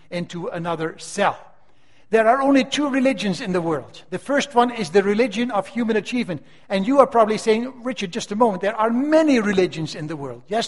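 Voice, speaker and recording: Older preacher in a reverberant hall. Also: male voice, high-pitched. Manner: emphatic, slows down to stress key phrases. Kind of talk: sermon.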